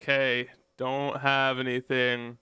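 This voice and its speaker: A man commentating his own card game, pleading and groaning at bad luck with loud anguished outbursts. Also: medium pitch, completely flat delivery, slow, smooth, no room sound, studio quality. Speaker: gameplay commentator.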